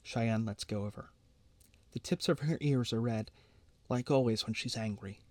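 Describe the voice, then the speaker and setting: A man narrating fiction aloud, measured and quiet in his pacing. His voice sits in an ordinary middle range. The recording is dry and close with no room sound. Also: mid-range voice, no echo. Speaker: storyteller.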